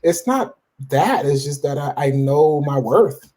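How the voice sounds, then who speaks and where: A man's voice: fairly high pitch, expressive, unhurried, a little mellow. A man in his forties speaking as an interview guest, telling his faith story with self-assured conviction and plenty of restarts and fillers. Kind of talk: casual interview talk about faith.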